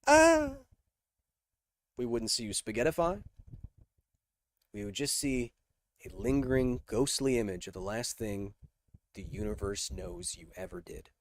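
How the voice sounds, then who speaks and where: Animated man hosting a science livestream. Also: mid-range voice, vocal fry. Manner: energetic, joking, shifts between slow dramatic emphasis and quick asides. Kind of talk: casual livestream chat reading viewer questions.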